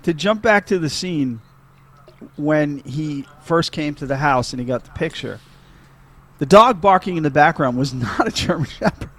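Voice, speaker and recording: A man in a casual movie chat, emphatic and profane, quick to agree and jump in. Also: fairly high pitch, animated, fairly bright tone.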